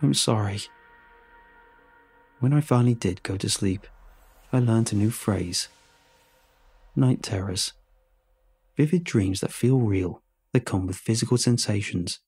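A man with a husky, slightly low voice tells a first-person horror story. He keeps a hushed, measured pace, sounding shaken. Faint music plays softly underneath.

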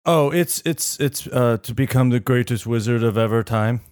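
A man playing at a tabletop game, his voice of middle pitch in a dry room. He talks hesitantly, stammering and goofy. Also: normal speed, darkish tone, no room sound.

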